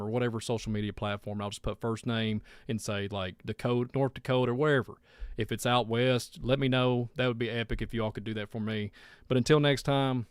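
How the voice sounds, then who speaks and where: A man's voice: mid-range voice, clear, resonant tone, dry recording, studio quality. A man hosting a live stream, rambling and heartfelt as he thanks viewers and signs off. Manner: rambling, heartfelt, repeats himself. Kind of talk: casual live stream sign-off.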